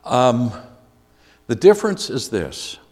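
A man's voice: medium pitch, huge pitch swings, takes it slowly, a little mellow. A man leading a Bible study lesson, earnest and given to repeating key phrases for emphasis. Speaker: Bible teacher. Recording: long reverb of a large hall.

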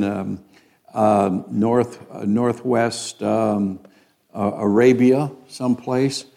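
An older man teaches a small Bible class in an unhurried, chatty way. He often hesitates with ums and restarts his sentences as he explains. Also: mid-range voice, mellow. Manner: conversational, many ums and restarts.

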